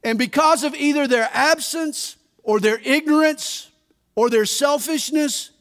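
A man preaching a sermon at a conference, deliberate and emphatic, with dramatic pauses. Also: extremely high pitch, a bit bright. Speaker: pastor. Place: large conference hall. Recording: reverberant conference hall.

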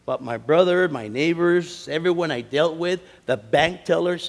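Casting middle-aged male preacher, gravelly, animated storyteller, big hall reverb. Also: a little high, normal speed, hardly any pauses. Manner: animated storytelling, acts out quotes. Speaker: conference speaker. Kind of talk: sermon. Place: large conference hall.

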